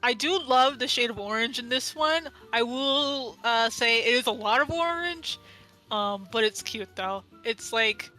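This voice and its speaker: Bright-voiced woman gushing on a stream, giggly, a bit high, music behind. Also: a little slow. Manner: excitable, giggly, talks in bursts. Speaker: vtuber artist on a panel. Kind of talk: casual stream chat.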